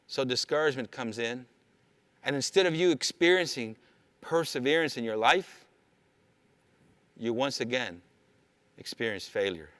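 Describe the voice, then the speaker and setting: A man's voice: fairly high pitch, lively intonation, normal speed, pauses often, fairly bright tone, dry recording. A man giving a motivational talk to teenagers, emphatic and repetitive, telling stories from his work with students.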